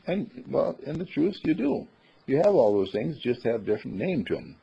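Gravelly husky man, rambling talk. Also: medium pitch, big pitch swings, moderate pace. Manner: rambling, folksy, acts out quotes. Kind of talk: casual spiritual talk. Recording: dull lo-fi recording.

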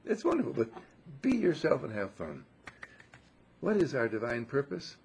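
Older male inspirational speaker, gravelly and warmly effusive, with big pitch swings on emphasis. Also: huge pitch swings, measured pace. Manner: effusive and affectionate, swoops up on emphasis. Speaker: spiritual speaker. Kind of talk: inspirational talk to a gathering.

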